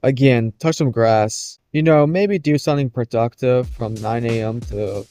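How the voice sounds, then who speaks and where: A man's voice: medium pitch, unhurried, mellow, no room sound, clean studio sound, soft background music. A man hosting a casual reaction commentary, blunt and mocking, who laughs off what he reacts to. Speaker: commentary host.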